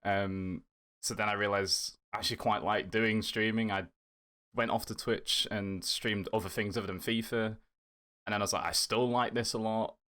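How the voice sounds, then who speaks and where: A man's voice: on the low side, fairly even intonation, moderate pace, a bit bright. A man talking as a guest on a casual podcast, rambling enthusiastically. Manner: enthusiastic, rambling, fillers and restarts. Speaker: podcast guest, content creator.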